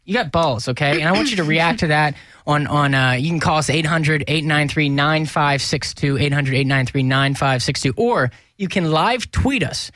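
A man hosting a comedic talk show from a small studio, loud, joking and rambling. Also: fairly high pitch, moderate pace, hardly any pauses, no room sound. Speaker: radio show host. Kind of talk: comedic podcast banter.

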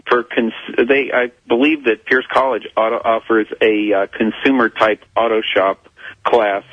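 A man's voice: on the low side, flat delivery, dry recording. Rambling male radio caller. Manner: rambling, halting, repeats words. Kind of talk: call-in talk. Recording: muffled phone-in line.

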